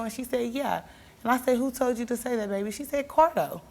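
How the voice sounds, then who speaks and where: A woman's voice: medium pitch, normal speed. Distraught young woman recounting to a host. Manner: tearful, pleading, rising to shouts. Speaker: guest. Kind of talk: emotional talk show testimony.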